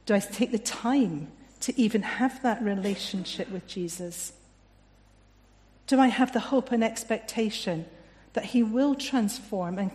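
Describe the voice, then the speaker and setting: A woman preaching a sermon in a gentle, reflective way, often dropping softly in volume. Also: mid-range voice. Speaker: family and children's worker preaching. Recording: long echo of a hall.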